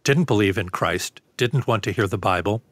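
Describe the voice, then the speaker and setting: Measured, lecturing man guest. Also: lowish voice, no echo. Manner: measured, lecturing, with many fillers. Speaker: interview guest, professor. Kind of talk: conversational interview.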